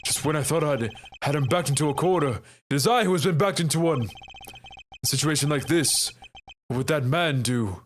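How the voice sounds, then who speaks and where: A man plays a cool, proud prosecutor who reasons aloud in a measured, deliberate way. His voice sits slightly high in this game fan dub. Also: a little hiss or hum, natural voice. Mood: pensive.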